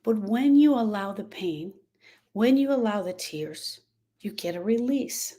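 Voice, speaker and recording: A woman with a warm, mellow voice talks straight to her viewers in a heartfelt live stream. She is earnest and repeats her main points for emphasis, as a grief support host reaching out to people who are hurting. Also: medium pitch, expressive, unhurried. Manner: earnest, repeats key phrases, speaks directly to the listener.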